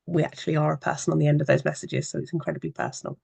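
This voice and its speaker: A social media marketing trainer giving an evening workshop presentation, explaining in a conversational way with frequent pauses. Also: mid-range voice, little pitch movement, gravelly, a little mellow, slightly rough, no echo.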